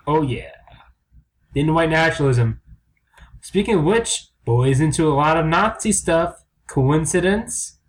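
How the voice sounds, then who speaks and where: A man's voice: on the high side, expressive, measured pace. Rambling, crude male podcast co-host. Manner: rambling, crude, self-mocking. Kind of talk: casual comedic chat.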